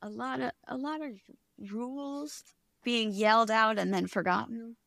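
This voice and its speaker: A woman co-hosting a casual podcast, relaxed, with many fillers and quick agreeing interjections. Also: a little high, vocal fry, dry recording, clean studio sound. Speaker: podcast co-host. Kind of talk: casual chat.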